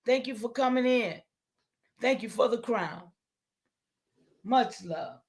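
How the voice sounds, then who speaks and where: A middle-aged woman preaches on a livestream in a high voice. She talks straight to her viewers, excitable and insistent. Often she breaks into shouts. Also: slow pace, gravelly. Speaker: livestream host. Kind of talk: impassioned livestream talk.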